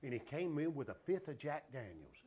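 A man's voice: fairly high pitch, big pitch swings, fairly quick, mellow. A man, telling folksy anecdotes as a guest on a talk show. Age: 70s. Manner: drawling, folksy anecdotes with acted quotes. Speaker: guest singer. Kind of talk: casual storytelling chat.

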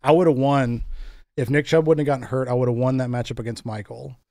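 A man's voice: medium pitch, fairly even intonation, fast talker, dark tone, no echo, studio quality. Laid-back young man hosting fantasy football chat. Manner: laid-back, joking, runs the segments. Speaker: podcast host.

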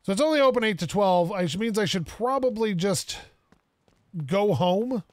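Excitable high-voiced young man gaming. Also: moderate pace, dry recording. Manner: excitable, talks to himself, self-mocking. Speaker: gaming video creator. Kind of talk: casual let's-play commentary.

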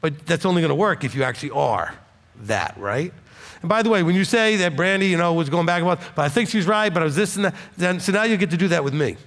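High-voiced man teaching in an echoey hall. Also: expressive, fast talker, fairly bright tone, slight background noise. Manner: emphatic, coaching, repeats for emphasis. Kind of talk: congregational teaching and Q&A.

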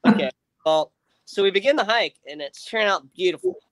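Telling a lengthy story on a livestream, a man with a somewhat high voice talks briskly and casually, restarting often and padding with fillers. He animatedly slips into his friends' voices to act out what they said, captured in dry, close sound.

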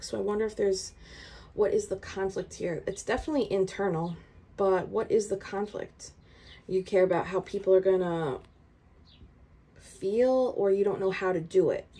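A woman's voice: medium pitch, dark tone, husky. A woman giving a tarot reading straight to the viewer, urgent and emphatic, repeating her points. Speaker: tarot reader.

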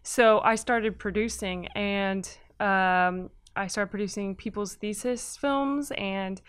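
Woman, smooth clear voice, dry close sound, earnest interview answers. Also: mid-range voice, slow pace, no echo. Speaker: filmmaker guest.

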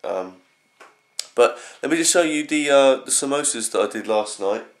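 A young man rambling through a casual early morning vlog at home, his voice groggy and croaky from just getting up. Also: mid-range voice, lively intonation, moderate pace. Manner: rambling, scattered. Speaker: vlogger.

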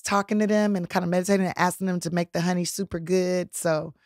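A woman's voice: on the low side, fairly even intonation, fast, darkish tone, dry recording, clean studio sound. A woman comedian who is a guest on a podcast, chatting casually in a playful, joking but earnest way. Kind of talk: casual chat.

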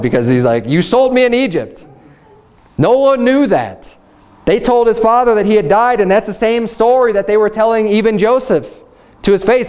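A man's voice: sits high, darkish tone. A man preaching a sermon in a loose, conversational way, often restarting his sentences. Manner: conversational Bible teaching with frequent restarts and "you know". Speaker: pastor.

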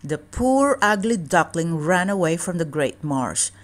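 A woman reading a children's storybook aloud in a calm, measured way. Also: fairly low pitch, very noisy. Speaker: children's book reader.

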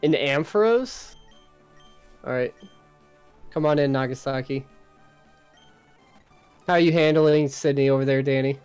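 A man's voice: medium pitch, unhurried, pauses often, a little mellow, smooth, no echo, soft background music. A man chatting casually as a co-op streaming partner, teasing and friendly. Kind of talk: casual gameplay chat.

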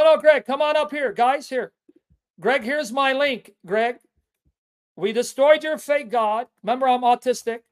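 Hosting a Christian apologetics livestream, a man with a very high-pitched voice is combative and taunting as he calls out an opponent. He speaks emphatically, drawing out the phrases he stresses.

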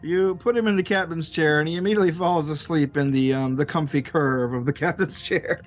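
A man narrating a tabletop game as game master, relaxed and quick to laugh. His voice sits fairly high. Soft music runs behind him.

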